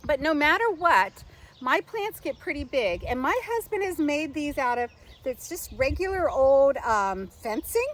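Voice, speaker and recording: In her home garden, an older woman talks to a camera she set up and angled herself, giving a rambling, casual how-to full of fillers and restarts. Her high-pitched voice swings widely in pitch, sounds a bit bright, and moves a little slowly. The audio quality is poor.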